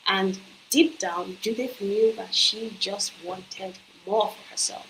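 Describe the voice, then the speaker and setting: A woman's voice: mid-range voice, steady tone, slow, noisy background. Earnest woman coaching in an echoey room. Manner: earnest, persuasive direct address. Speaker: company executive and career coach. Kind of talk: motivational talk to camera. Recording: echoey room with faint ambience.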